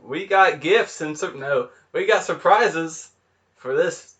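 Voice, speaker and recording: A man's voice: fairly high pitch, slow pace, fairly bright tone. A man co-hosting a podcast, doing silly, giggly promo banter.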